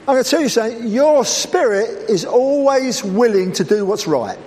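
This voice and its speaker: A man delivers a humorous church sermon in a high voice that swings widely in pitch. He keeps teasing the congregation with playful asides. The sound rings with a long church reverb over a faint background hum. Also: lively intonation, moderate pace, darkish tone. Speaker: preacher.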